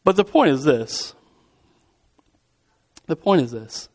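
A man's voice: on the high side, lively intonation, takes it slowly, darkish tone. A man preaching in a conversational, storytelling way, acting out quotes with vivid voices. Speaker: pastor. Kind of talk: sermon.

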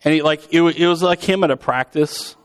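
A man's voice: on the high side, brisk, clear, resonant tone. A man preaching in a conversational, storytelling way, acting out quotes with vivid voices. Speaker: pastor. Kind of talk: sermon.

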